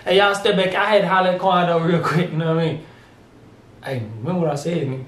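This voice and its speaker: A man hosting a music reaction video, talking in an animated, slangy way and calling the artist bro and big homie. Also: high voice, quick pace, reverberant, a little hiss or hum. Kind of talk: casual reaction commentary.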